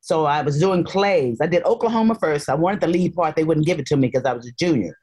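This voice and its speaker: Older woman on a call, lowish voice, playful animated storyteller. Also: fast talker, breathy edge. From North Carolina, raised in Harlem. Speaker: guest. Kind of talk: casual chat.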